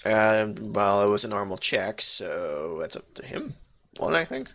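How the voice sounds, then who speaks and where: Male GM with a gravelly, bright voice, joking and rambling through the turn order. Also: on the low side, sing-song, unhurried. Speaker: game master. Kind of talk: running a tabletop game over voice chat.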